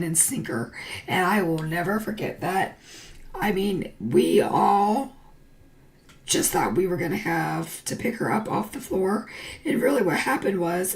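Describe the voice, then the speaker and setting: Middle-aged woman host, lively and rambling, coloring alone at her computer. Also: lowish voice, vocal fry, a little hiss or hum. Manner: rambling storytelling with tangents. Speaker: crafting livestream host. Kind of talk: casual chat while coloring.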